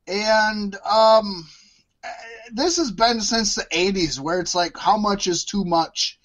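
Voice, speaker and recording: Dude on a wrestling podcast, kinda high voice, talks slow, blunt and swears. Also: male voice, fairly bright tone. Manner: opinionated, swears, restarts sentences. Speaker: podcast co-host. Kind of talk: casual chat.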